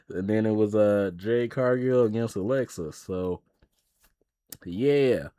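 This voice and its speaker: A man's voice: lowish voice, dark tone. A man co-hosting a podcast, casually recapping wrestling shows and retelling the promos in quoted voices. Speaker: podcast co-host.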